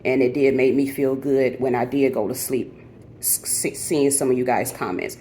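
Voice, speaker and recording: Deep-voiced weary middle-aged woman vlogger. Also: steady tone, normal speed, warm tone, slight background noise. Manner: earnest, heartfelt, talks directly to viewers. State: weary and frustrated. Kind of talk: candid personal vlog. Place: at home in her apartment.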